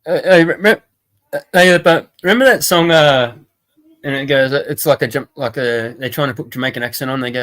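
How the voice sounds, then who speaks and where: A man's voice: medium pitch, a little fast, fairly bright tone. A man hosting a casual livestream chat, rambling, swearing and laughing often. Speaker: stream host.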